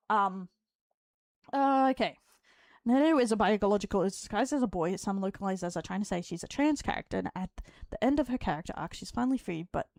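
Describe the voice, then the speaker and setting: Australian woman, streamer, rambling casual chat, swears and laughs, mid pitch, dry close sound. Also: vocal fry, darkish tone, no echo. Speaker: streamer reacting to a clip.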